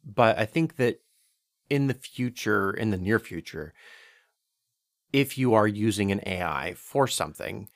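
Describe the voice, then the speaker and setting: A man with a lowish voice talks through his own experiences in an easygoing podcast chat. He uses some fillers. The sound is close and dry, with no room echo. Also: unhurried, vocal fry, pauses often. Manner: relaxed storytelling, some fillers. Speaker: podcast co-host. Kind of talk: casual chat.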